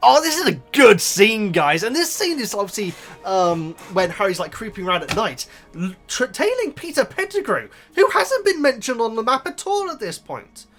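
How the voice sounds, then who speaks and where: A man talks through a book in a loose, rambling way, laughing as he goes. His voice is bright and lifts and drops all over the place, and soft music plays underneath. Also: high-pitched, very animated, normal speed. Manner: rambling, enthusiastic, laughs often. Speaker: YouTube reactor. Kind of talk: casual chat, book review.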